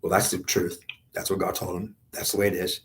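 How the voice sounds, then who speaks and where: A man's voice: low-pitched, little pitch movement, brisk. A man telling a rambling spiritual story in a meandering, repetitive way, full of fillers and restarts.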